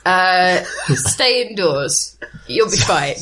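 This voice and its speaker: Woman player, slow and lively, with dry and playful banter and a faint hiss behind her. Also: lowish voice. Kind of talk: playing a tabletop game.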